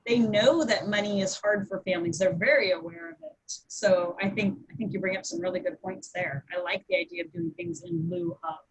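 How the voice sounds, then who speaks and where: A woman hosts a relaxed community discussion and speaks with a slightly husky, breathy tone. She is upbeat and emphatic, and her pitch rises whenever an idea excites her. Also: brisk, few pauses, low-quality recording. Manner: enthusiastic, animated, lots of emphasis. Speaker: host of a community webinar. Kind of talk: casual panel discussion.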